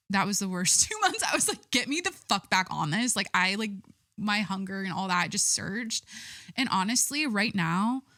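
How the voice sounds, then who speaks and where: A woman's voice: medium pitch, fairly bright tone, no room sound, clean studio sound. Rambling, foul-mouthed woman podcaster. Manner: rambling, swears often, many fillers. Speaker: podcast host. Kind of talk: casual solo chat.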